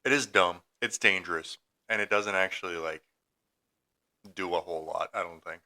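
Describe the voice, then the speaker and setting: A man's voice: sits low, moderate pace, bright, forceful tone. A man co-hosting a casual podcast, reacting with short exclamations and jokes. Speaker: podcast co-host. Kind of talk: casual chat.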